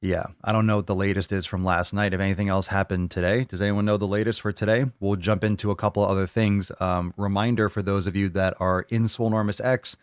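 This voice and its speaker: A man hosting a casual livestream podcast, joking and swearing loudly with hype-style bravado. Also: lowish voice, flat delivery, fast, few pauses, clean tone, dry recording, studio quality. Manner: brash, joking, profane hype talk. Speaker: podcast host.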